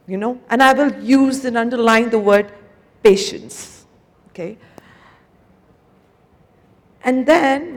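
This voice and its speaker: A woman from India with an Indian English accent, giving a conversational keynote talk at a conference and tagging her points with "no?" and "right?". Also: a little high. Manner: conversational, asks the audience questions, tags "no?" and "right?". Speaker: conference speaker, company executive. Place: large conference hall. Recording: long hall reverb.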